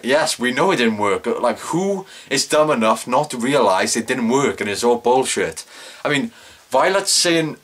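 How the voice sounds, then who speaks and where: A man's voice: medium pitch, fairly bright tone. A young man giving a casual solo review of a TV episode, rambling and correcting himself, with exaggerated cringing asides.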